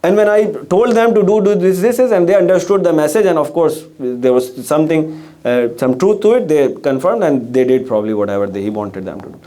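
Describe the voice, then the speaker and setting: A man's voice: on the high side, a little fast, mellow. A middle-aged man giving a sermon in a gathering hall, telling stories with rhetorical questions and frequent restarts. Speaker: religious speaker. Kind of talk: sermon storytelling.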